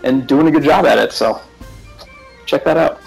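A man's voice: fairly high pitch, normal speed, gravelly, breathy edge, faint music behind, rough recording. Rambling, jokey man co-hosting. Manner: jokey, rambling, self-mocking. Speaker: podcast co-host. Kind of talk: casual podcast chat.

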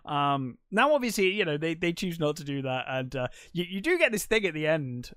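A man's voice: on the high side, clean tone, no room sound, clean studio sound. A British man co-hosting a movie review podcast, chatting casually and agreeing readily. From Britain. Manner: animated, chatty, quick to agree. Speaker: podcast co-host.

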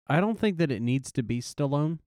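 A man's voice: a little high, animated, brisk, a little mellow, no echo, clean studio sound. A man co-hosting a podcast in casual chat, reacting with disbelief and using casual slang. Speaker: podcast co-host.

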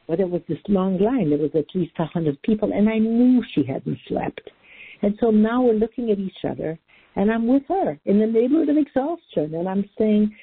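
A woman guest tells her story with earnest, emphatic conviction. Her voice is a little husky, and it comes through a thin, tinny phone line with a dry sound. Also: medium pitch, expressive, moderate pace, dry recording. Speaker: interview guest, relationship teacher. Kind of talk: storytelling in conversation.

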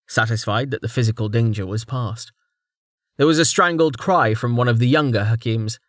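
A man narrating a fantasy webnovel as an audiobook with a steady storytelling delivery on a close mic. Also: medium pitch, no room sound. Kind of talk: scripted narration.

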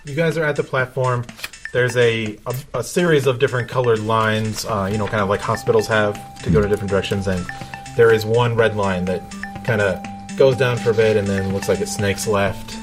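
A man narrating as game master of a tabletop game, relaxed, with frequent fillers. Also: fairly low pitch, brisk, over music.

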